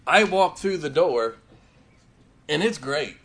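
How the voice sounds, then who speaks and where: A man's voice: on the high side, expressive, slow pace, fairly bright tone. Folksy preacher man telling stories. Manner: folksy storytelling, laughing at his own jokes. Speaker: pastor. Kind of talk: sermon. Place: church.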